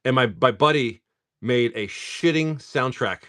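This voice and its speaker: A man in his forties chatting casually on a live stream while opening card packs, rambling and swearing, with filler words and frequent throat clearing. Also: medium pitch, unhurried, a bit bright. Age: 40s. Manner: rambling, profane storyteller.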